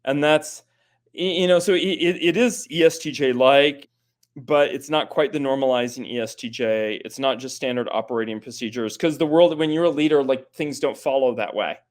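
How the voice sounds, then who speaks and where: A man's voice: mid-range voice, normal speed. Thoughtful man explaining with many restarts. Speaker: guest expert on personality types. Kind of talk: conversational explanation.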